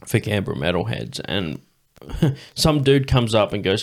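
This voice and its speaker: A man hosting a casual podcast, his lowish voice swinging widely as he rambles through stories. He swears freely and breaks into laughs. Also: animated, moderate pace, creaky, hardly any pauses. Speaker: podcast host. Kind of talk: casual chat.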